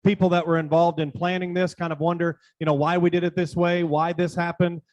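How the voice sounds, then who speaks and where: Male event host, high-pitched, informal rambling announcements. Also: level tone, a little fast, lo-fi sound.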